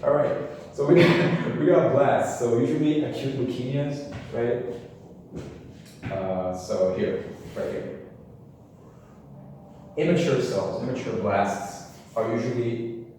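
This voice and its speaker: A man's voice: mid-range voice, slow, pauses often, darkish tone. A tired young man, a medical student, thinking aloud as he explains concepts at a chalkboard, rambling and joking to himself and trailing off mid-sentence. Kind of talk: casual thinking-aloud lecture. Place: room with a chalkboard. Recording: very echoey room, mic far off, faint hiss.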